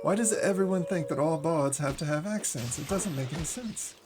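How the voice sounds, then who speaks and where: A man's voice: on the high side, brisk, music in the background, lightly acted. A man putting on a tipsy bard's accent. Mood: cheeky. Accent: theatrical put-on accent. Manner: cheeky, calls everyone dear. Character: tipsy, flamboyant male bard guest. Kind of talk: in-character banter over a game.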